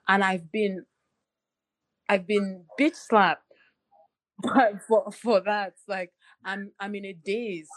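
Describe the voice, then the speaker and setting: A woman's voice: mid-range voice, steady tone, takes it slowly, pauses often, no echo. A woman from Nigeria, telling stories animatedly in a casual podcast conversation, with many restarts and fillers. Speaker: podcast co-host.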